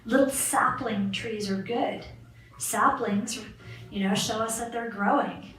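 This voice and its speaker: Slow-paced and a bit bright, a woman's high-leaning voice guides a balance and stretching class, cueing each move and counting reps with encouragement. She sounds distant from the mic in a roomy space, over a faint hiss.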